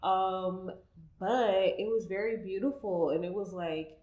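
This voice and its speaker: A woman's voice: medium pitch, measured pace, darkish tone, muffled recording. A woman on a podcast who tells a personal story emotionally, with lots of "like" fillers. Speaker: guest co-host. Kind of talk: casual podcast chat. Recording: echoey room.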